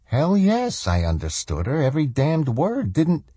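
Audiobook: man doing a gruff, urgent woman, husky tone, close and dry. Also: fairly high pitch, huge pitch swings, measured pace, warm tone, dry recording, pitched above the performer's own voice, full character voice. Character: blunt, tough-talking older woman called Sister.

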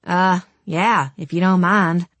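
A woman voicing a feisty, foul-mouthed young zombie woman in an audiobook, her character voice pitched above her own. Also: steady tone, takes it slowly, a bit bright, no echo, full character voice. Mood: wary. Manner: foul-mouthed, hot-tempered.

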